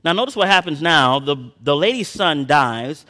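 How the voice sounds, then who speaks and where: Male preacher, fairly high bright voice, shifts from hushed to booming. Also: expressive, brisk, few pauses. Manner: swings from quiet storytelling to loud impassioned preaching; reads scripture in old-fashioned phrasing. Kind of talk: sermon.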